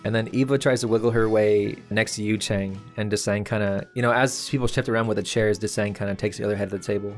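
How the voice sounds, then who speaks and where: A man's voice: lowish voice, steady tone, fast, few pauses, faint music behind. A man running a tabletop game as game master, narrating loosely and casually. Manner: loose, casual storytelling with fillers.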